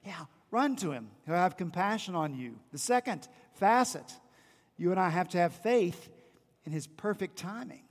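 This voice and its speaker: In a church sanctuary with big-room sound, a senior pastor with a high, animated voice preaches a sermon at normal speed. His emphatic cadence repeats phrases and puts rhetorical questions to the congregation.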